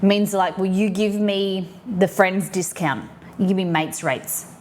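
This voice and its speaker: An Australian woman talks loosely and casually to her stream audience at a middling pitch. She rambles, fills her sentences with "like" and circles back on her own explanations. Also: fairly even intonation, measured pace, darkish tone, a little hiss or hum. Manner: chatty and rambling, lots of "like" fillers. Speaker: livestream host. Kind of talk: casual chat explaining slang to viewers.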